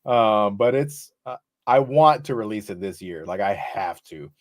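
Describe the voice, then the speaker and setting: A man talking as the guest on a casual podcast interview, laid-back and relaxed, swearing now and then as he talks. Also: on the low side, a little slow, no echo, studio quality. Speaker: rapper guest.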